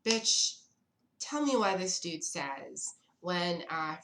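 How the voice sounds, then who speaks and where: A young woman from South Africa with a fairly low voice, recounting a story to camera. She talks in a chatty, sassy and dramatic way. The room around her rings with echo. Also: very animated, slow, a bit bright, a little hiss or hum. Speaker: vlogger. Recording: echoey room.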